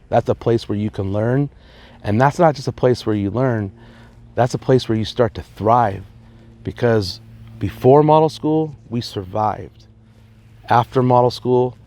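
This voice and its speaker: A man, a high school principal, talking earnestly in an interview and telling stories with playful asides. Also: mellow. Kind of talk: reflective interview talk.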